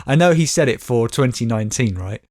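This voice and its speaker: A British man co-hosts a casual comedy podcast, reading news items aloud. He hams up the reading with mock-dramatic flourishes and jokes along the way. His pitch sits in a middle range. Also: animated, fairly quick, a little mellow, no echo, studio quality. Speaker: podcast co-host.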